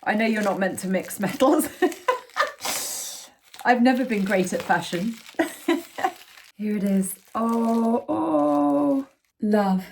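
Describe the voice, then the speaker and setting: A woman chatting to her camera at home in an everyday mid-range voice. She gushes and bubbles over with excitement, slipping now and then into hushed whispers as she talks. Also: mid-range voice, unhurried, a little hiss or hum. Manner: gushing and excitable, drops into soft whispers. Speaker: lifestyle vlogger. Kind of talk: casual chat to camera. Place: home indoors.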